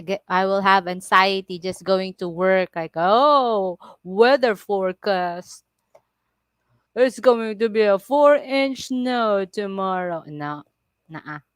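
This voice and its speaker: Filipino woman vlogger, middle-aged, slow animated storyteller, dry close audio. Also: medium pitch, no room sound. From Philippines. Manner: animated storytelling, laughs often, broken English. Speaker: vlogger on a livestream. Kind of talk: casual livestream chat.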